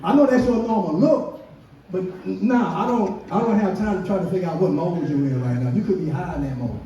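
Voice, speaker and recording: On a brewery comedy stage, a man with a high voice and dark tone delivers a profane stand-up set a little fast, telling a work story and acting out the quotes. The recording is dull and echoey, captured from a distance.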